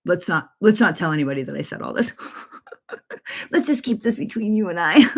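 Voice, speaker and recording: A woman's voice: fairly low pitch, animated, normal speed, darkish tone, husky. A woman in her forties chatting casually on a makeup livestream from her bedroom, rambling with lots of fillers and free swearing. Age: 40s.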